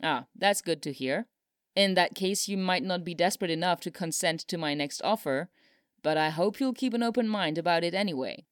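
A woman's voice: fairly low pitch, moderate pace, smooth, no echo, close to an everyday voice. A woman voicing a dry-humored older male president, speaking solemnly with a wry edge, in a storybook reading.

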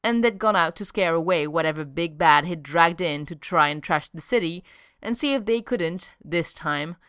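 A woman narrating a story in an audiobook, measured and even. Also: lowish voice, smooth, dry recording, studio quality. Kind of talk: audiobook reading of fiction.

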